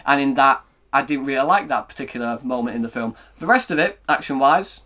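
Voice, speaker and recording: A young man hosting a casual film review chat, talking quickly and hedging his opinions as he goes. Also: mid-range voice, pushed and bright. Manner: fast-talking, hedging, self-correcting. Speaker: movie reviewer, host.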